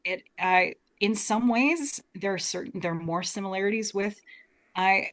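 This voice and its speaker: A woman's voice: medium pitch, normal speed, a bit bright. A young American woman, a guest talking earnestly about Shakespeare in a casual interview, often restarting her words. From United States. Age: young adult.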